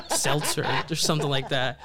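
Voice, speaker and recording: A man in a casual chat, relaxed and hedging, with many fillers. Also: on the high side, normal speed, over a noisy crowd. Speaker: guest from the international department.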